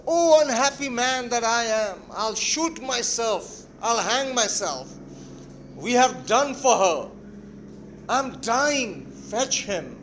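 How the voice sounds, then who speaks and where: A man reading aloud as a flustered, hot-tempered older landowner and father, with loud, exasperated exclamations. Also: very high-pitched, very animated, measured pace, few pauses, a little hiss or hum, voice pushed up, heavily acted. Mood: exasperated shouting.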